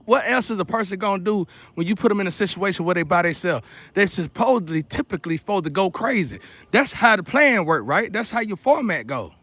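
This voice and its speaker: A man with a high-pitched voice speaks to the camera outdoors in a preachy, repetitive way. His monologue keeps building toward an urgent outcry. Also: lively intonation, fairly quick, a bit bright, no room sound. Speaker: vlogger. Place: outdoors near a porch.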